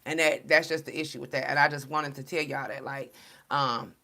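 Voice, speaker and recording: A woman who reads tarot cards, talking straight to her followers in a blunt, profane, slang-heavy and animated monologue. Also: very deep voice, brisk, vocal fry. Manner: storytelling, addressing followers as y'all. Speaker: tarot card reader. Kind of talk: casual direct-to-camera monologue.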